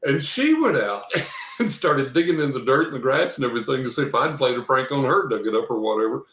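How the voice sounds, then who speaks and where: A man's voice: mid-range voice, lively intonation, fast, a bit bright, soft background music. A man from Texas, a guest in an interview, rambling through a personal story and acting out what people said. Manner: rambling storyteller, acts out quotes. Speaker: guest, professional psychic reader. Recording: roomy echo.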